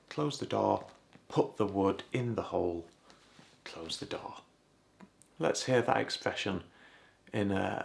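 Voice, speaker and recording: A deep-voiced man from Leeds, England, with a Leeds Yorkshire accent and some vocal fry, delivers a scripted English lesson. He explains slowly and acts out short local Yorkshire phrases as examples.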